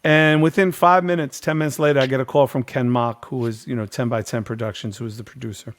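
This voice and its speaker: A middle-aged podcast host with a mid-range voice talks fast, spinning a long story in casual chat. He's an animated storyteller who acts out the people he quotes and repeats phrases a lot.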